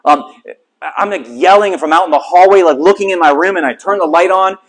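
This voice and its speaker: A middle-aged man preaching a sermon, telling a story with lively, self-mocking humor to a small congregation. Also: high-pitched, brisk. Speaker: pastor.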